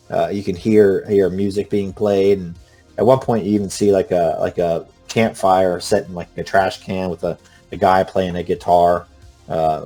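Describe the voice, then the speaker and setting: A man narrating a tabletop role-playing game as game master, halting often with uh and um. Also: low-pitched, a little mellow. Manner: halting, full of uh and um.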